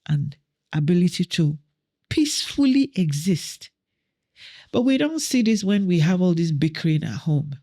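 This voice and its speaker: A woman's voice: fairly low pitch, animated, normal speed, warm tone. A woman guest on a podcast, a councillor and mother, telling personal stories in an earnest, reflective way. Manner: earnest, reflective, acts out family dialogue. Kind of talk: personal storytelling in conversation.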